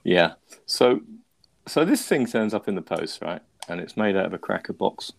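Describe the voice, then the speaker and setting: A man's voice: low-pitched, sing-song, moderate pace, creaky. A man hosting a podcast, telling a story in a rambling, self-mocking way with lots of restarts. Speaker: podcast host. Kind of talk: casual chat.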